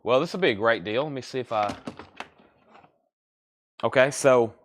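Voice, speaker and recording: A tired man with a drawl hosts a live sale, talking in a relaxed, folksy patter. He sounds sleepy but keeps the sales talk going, friendly and unhurried. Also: medium pitch, a little hiss or hum. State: sleepy, yawning. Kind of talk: live auction selling.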